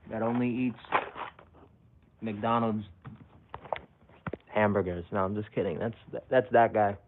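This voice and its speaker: A man's voice: on the low side, steady tone, a little slow. A young man streaming live, rambling casually and self-mockingly while reacting to chat comments, often chuckling. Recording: tinny phone-like audio with faint hiss.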